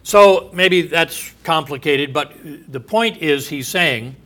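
Slow bright-voiced man teaching scripture. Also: a little high. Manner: slow, reads scripture aloud with emphasis, many fillers. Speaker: Bible teacher. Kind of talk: sermon.

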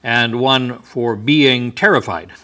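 Slow, bright-voiced male Bible teacher. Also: medium pitch. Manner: thoughtful, explanatory, with small asides and chuckles. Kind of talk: sermon-style Bible study.

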